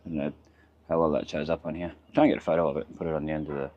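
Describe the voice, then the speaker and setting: A man's voice: rumbling low, flat delivery, rapid-fire. An Australian man chatting in a rambling way while he narrates a walking vlog outdoors by a waterfront, recorded on a handheld camera. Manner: rambling, chatty, muttering asides. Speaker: vlogger. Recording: dull lo-fi camera audio with faint outdoor noise.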